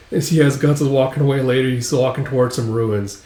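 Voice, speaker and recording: A man's voice: mid-range voice, steady tone, brisk, dark tone. A man casually recapping a comic book page by page, with loose filler-heavy retelling. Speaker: comics reader and commentator. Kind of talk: casual read-through recap. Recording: roomy echo.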